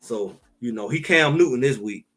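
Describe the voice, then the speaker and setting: A man co-hosting a sports talk show in casual, emphatic chat, trash-talking and animated. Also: medium pitch, normal speed, a crowd in the background.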